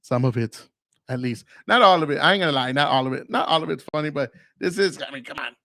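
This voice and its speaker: A man with a fairly high voice talks bluntly and crudely, swearing freely in a casual podcast monologue. He acts out other people's voices mid-story. The sound is dry and close, with no room echo. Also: quick pace, gravelly, bright, forceful tone. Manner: tells stories by mimicking others. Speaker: podcast host.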